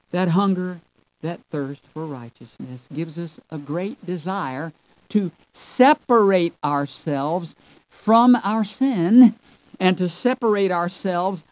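Man, pulpit preacher, slow and deliberate, emphatic swells in volume. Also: on the high side, rough recording. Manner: emphatic, drawn-out phrases with sudden swells in loudness; addresses the audience as folks and friends. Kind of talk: sermon.

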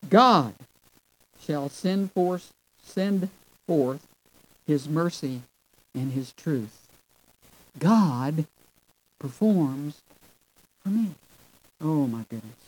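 A male preacher delivers a sermon slowly and emphatically in a husky, animated voice on the high side. He draws out his phrases, swells suddenly in loudness, and addresses the audience as folks and friends. The recording is rough.

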